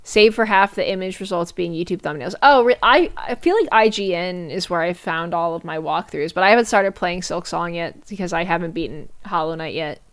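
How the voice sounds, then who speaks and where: A woman's voice: on the low side, a little fast, few pauses. Chatty young woman streamer, slangy. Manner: chatty, swearing, slangy, laughs often. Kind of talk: casual stream chat.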